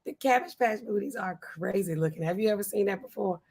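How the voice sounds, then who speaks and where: A woman hosting a casual live stream, chatting loosely and reading out viewer comments in animated, slangy speech. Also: medium pitch, brisk. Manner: chatty, animated, African American Vernacular English (AAVE) style phrasing.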